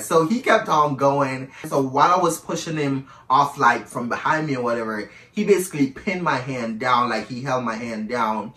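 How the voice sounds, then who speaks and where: A man's voice: mid-range voice, normal speed, hardly any pauses, bright, forceful tone, recorded from a distance. Chatty man in an echoey room. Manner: chatty, candid, calls listener "girl". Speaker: storyteller. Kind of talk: casual storytime monologue.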